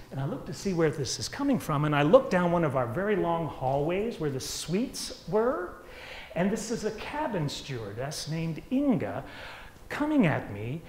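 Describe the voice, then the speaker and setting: A man giving a live motivational talk on stage in front of an audience, dramatic and swinging between loud and hushed. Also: fairly high pitch, reverberant. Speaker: motivational speaker.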